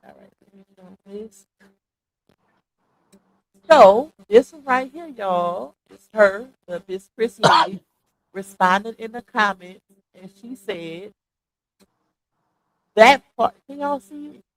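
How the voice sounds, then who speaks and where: A congested woman hosts a casual live stream, her voice pitched a little high. She chats straight to her viewers through earphones, stuffy and loose. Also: expressive, takes it slowly, pauses often, rough recording. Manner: chatty, addresses viewers as y'all. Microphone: earphones with mic.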